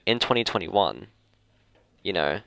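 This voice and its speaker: A young man with a natural Australian accent talks casually into the mic, his voice low and the sound dry and close. He rambles through half-finished thoughts, corrects himself mid-sentence and chuckles at his own tangents. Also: animated, a little slow, creaky, fairly bright tone, dry recording. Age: young adult. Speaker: podcast host. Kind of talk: casual chat. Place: school library.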